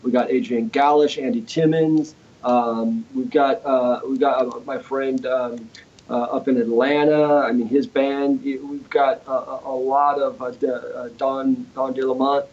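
Guesting on a casual interview from a home studio, a guitarist and inventor narrates a story in a mid-range voice, a little slowly. He brings it to life by acting out the lines of other people, and the sound is lo-fi.

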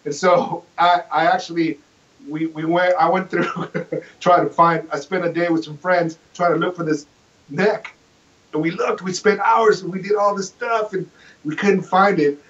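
Enthusiastic man, slightly high voice, lo-fi sound. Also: fairly even intonation, moderate pace, a bit bright. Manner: enthusiastic, rambling, self-correcting. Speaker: guest. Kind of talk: casual storytelling chat.

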